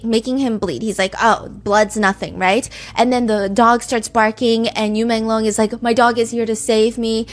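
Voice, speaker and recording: A woman hosting a true crime podcast, chatting casually and animatedly, piling up speculative rhetorical questions. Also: a little high. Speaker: podcast host.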